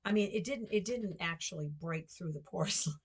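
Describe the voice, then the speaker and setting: A woman's voice: lowish voice, brisk, breathy edge. An older American woman chatting casually at home, meandering and correcting herself with lots of fillers. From United States. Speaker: vlogger and guesthouse host. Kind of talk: rambling casual monologue.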